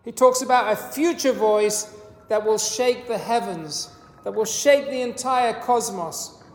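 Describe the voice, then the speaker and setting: An unhurried preacher who explains scripture in a measured, earnest way and sometimes restarts a phrase. The voice rings through a roomy space, and a long reverb tail trails off each phrase. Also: mid-range voice. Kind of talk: sermon. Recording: echoey hall with long reverb.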